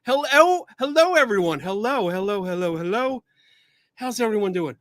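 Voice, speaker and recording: A breathless man hosting a livestream, high and bright in tone, his pitch leaping all over as he chats, laughs and swears. The sound is close and dry. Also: normal speed, no echo. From Buffalo, New York. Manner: excitable, laughs often, swears casually. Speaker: podcast host. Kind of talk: casual livestream chat.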